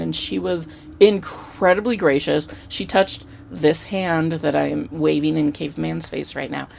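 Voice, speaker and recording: A woman co-hosting a podcast, telling a story in an animated, chatty way with casual swearing. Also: low-pitched, normal speed, gravelly, slight background noise. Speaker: podcast co-host.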